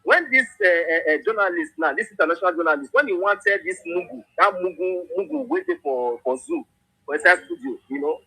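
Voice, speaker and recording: A man speaking Nigerian Pidgin in an impassioned political commentary, animated and repetitive with frequent restarts. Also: high voice, a little fast, slightly rough, rough recording. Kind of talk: impassioned monologue.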